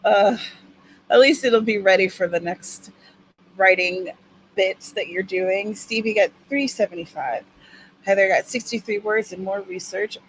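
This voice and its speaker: A woman's voice: mid-range voice, unhurried, slight background noise, rough recording. A woman hosting a writing-sprint livestream in casual chat, upbeat and cheering viewers on by name.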